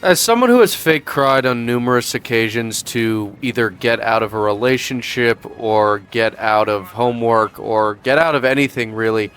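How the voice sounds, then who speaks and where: A man's voice: mid-range voice, moderate pace, hardly any pauses, a bit bright, soft background music. Sarcastic young man ranting. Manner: sarcastic, profane, mocking. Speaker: YouTube commentator. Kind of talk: ranting commentary vlog.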